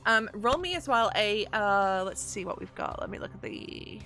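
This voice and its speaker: A woman's voice: medium pitch, animated, normal speed, sharp tone. A woman running a tabletop spy game as game master, loose and joking, with many fillers.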